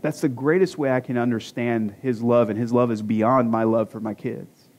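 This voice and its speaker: Pastor in his forties, mid-pitched man's voice, easygoing sermon delivery with dad jokes. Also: fairly even intonation, moderate pace, a little mellow. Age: 40s. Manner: conversational, self-deprecating jokes, rhetorical questions. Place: church sanctuary.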